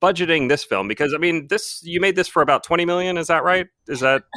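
A man's voice: fast, dry recording, clean studio sound. A man hosting an interview, asking long questions with many restarts. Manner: lively pitch, restarts while forming questions. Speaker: interview host. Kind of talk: conversational interview.

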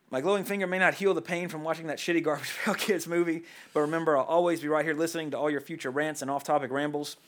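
A man hosting a casual podcast chat, joking and animated. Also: a little high. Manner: animated, joking, talks quickly. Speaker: podcast host.

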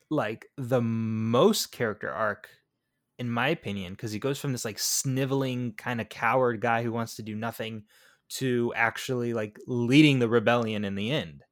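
Male co-host, mid-pitch, dry close mic, eager halting recap style. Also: no echo. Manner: stumbling restarts, enthusiastic retelling. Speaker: podcast co-host. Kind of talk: casual movie recap chat.

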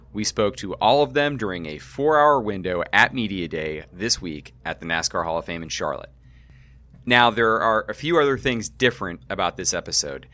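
Bright-voiced male podcast host. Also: low voice. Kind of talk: podcast intro and interview.

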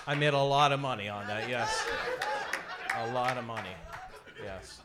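A man's voice: mid-range voice, normal speed, over a noisy crowd, heavy background noise. A man playing a bumbling job applicant in a comedy sketch, bluffing and stumbling over his words with frequent laughs.

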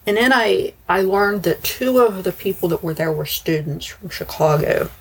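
A woman's voice: medium pitch, animated, normal speed, husky, low-quality recording. A woman podcast host chatting in a rambling, casual monologue, her speech slightly slurred after dental surgery. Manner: rambling, chatty, frequent restarts and fillers.

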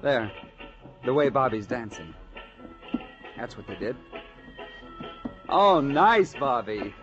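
In a 1950s radio drama, an actor plays a theatrical, mocking man who is a dancer's twin brother, using a campy sing-song and mimicking others. His medium-pitched voice is very animated, slow and fairly bright. The recording is a dull old radio broadcast with music.

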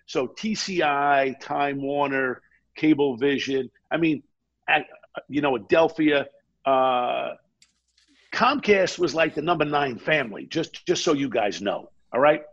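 A man tells a rambling story in a casual chat. His voice is fairly high for a man, gravelly and a bit husky, and he keeps acting out the people in the story. The audio is dull and lo-fi. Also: unhurried. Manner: animated, quotes people mid-story. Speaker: guest.

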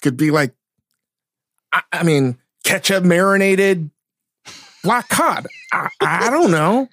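A man co-hosting a casual podcast, talking in an animated way, swearing often and restarting his sentences. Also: high-pitched, slow pace, dry recording. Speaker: podcast co-host, chef. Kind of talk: casual chat. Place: studio.

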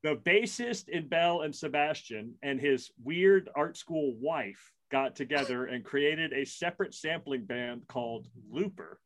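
A man's voice: a little high, lively intonation. Rambling, self-mocking man on a podcast. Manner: rambling, self-mocking, quick bursts with restarts. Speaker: podcast co-host. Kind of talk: casual chat.

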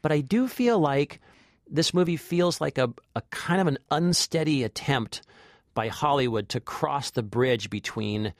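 A man's voice: mid-range voice, a little slow, no echo, studio quality. A man co-hosting a movie review podcast, chatting casually with lots of fillers and restarts. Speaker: film critic podcast co-host.

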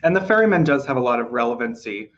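A man's voice: mid-range voice, big pitch swings, fast talker, lo-fi sound. A man hosting a casual awards-prediction podcast, talking chattily with fillers while losing his voice. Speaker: podcast host.

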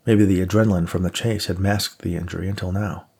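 A man narrating an audiobook in a steady, measured way. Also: low-pitched, vocal fry, breathy edge.

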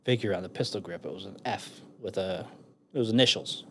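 A man, a military veteran guest, telling a war story in casual, profane, animated speech with laughs between phrases. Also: deep voice, fairly quick, slight background noise.

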